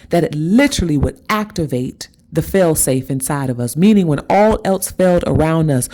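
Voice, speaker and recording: A woman with a low, mellow voice delivers a spiritual motivational monologue as host. She repeats her points with insistence and keeps checking in with her listeners. She stretches out key words to give them dramatic weight. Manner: emphatic and repetitive, with frequent "okay?" check-ins; slows down and drags out words for dramatic stress.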